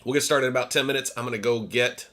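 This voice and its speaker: A man's voice: medium pitch, steady tone, rapid-fire, pushed and bright. A man hosting a livestream, chatting casually and joking, laughing at himself. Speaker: livestream host.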